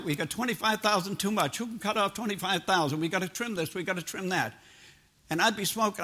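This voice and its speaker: This older man's sermon is homespun and plain-spoken, blending his own stories with scripture and casual everyday grammar. His voice is high, pushed and bright.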